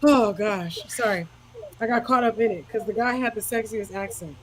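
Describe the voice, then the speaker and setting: A woman's voice: mid-range voice, normal speed, poor audio. A woman co-hosting a casual podcast chat, laughing often and talking bluntly. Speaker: podcast co-host.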